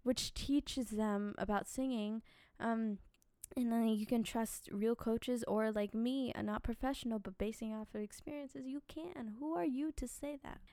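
Woman podcast host, kinda high smooth voice, chatty, bit dry from no sleep. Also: no echo. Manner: animated, chatty, quick asides and filler words. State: slightly dry voice from little sleep. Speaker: podcast host and singing teacher. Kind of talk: casual podcast rant and advice.

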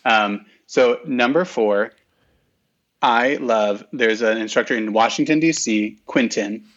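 A man's voice: mid-range voice, slow pace, fairly bright tone, muffled recording. A man chatting as a podcast guest, self-deprecating and chatty, with frequent hesitant fillers. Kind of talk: casual chat.

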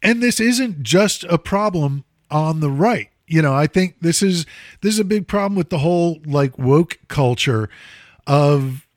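A man's voice: a little high, lively intonation, unhurried, dry recording, studio quality. A man in casual chat, ranting with strong opinions.

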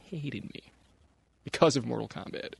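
A young man co-hosting a podcast, joking in a deadpan way and swearing freely as he banters about movies. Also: medium pitch, moderate pace, vocal fry, breathy edge, no room sound. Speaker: podcast co-host.

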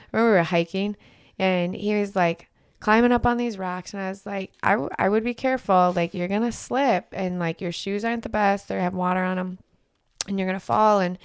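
A woman's voice: medium pitch, smooth, dry recording. Chatty woman podcast co-host, dry sound. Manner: chatty storyteller, laughs often. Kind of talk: casual chat.

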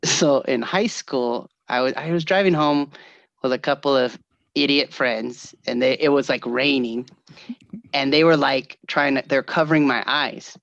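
A man telling family stories in casual chat, animated and quick to laugh, acting out the voices of the people in them. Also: medium pitch, creaky, no room sound, lo-fi sound. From California. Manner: animated storyteller, laughs often, acts out voices.

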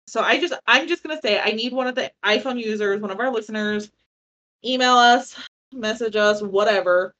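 Animated woman podcast co-host, slightly dull sound. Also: a little high, normal speed. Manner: animated, joking, exasperated. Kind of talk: casual chat.

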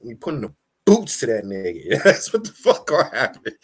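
A man chatting casually as a podcast host, animated and profane, laughing often and acting out quotes. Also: mid-range voice, brisk, husky. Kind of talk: casual recap chat.

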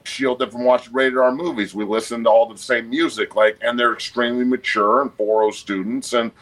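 A man's voice: mid-range voice, steady tone, fairly quick, fairly bright tone, rough recording. A man in his forties, a guest on a podcast, talking bluntly and emphatically with a lot of swearing. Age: 40s. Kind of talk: casual podcast conversation.

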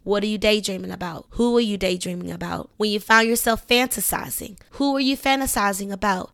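A woman's voice: fairly high pitch, fairly bright tone. A woman hosting an astrology podcast, talking in a casual, emphatic way, piling up rhetorical questions and checking in with "okay". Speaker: podcast host.

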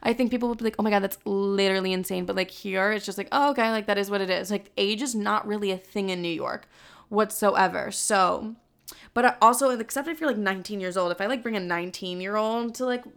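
A woman's voice: medium pitch, fast, fairly bright tone, clear, resonant tone. A woman in her twenties chatting candidly as a vlogger, full of filler words and casual swearing. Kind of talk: casual chat.

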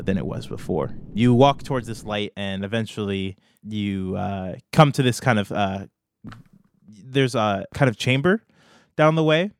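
A man narrating a tabletop game as game master, hesitant and full of fillers. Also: fairly low pitch.

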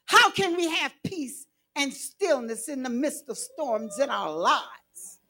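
Woman preaching, real high voice, takes her time, gets shouty. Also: expressive, takes it slowly. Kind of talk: sermon.

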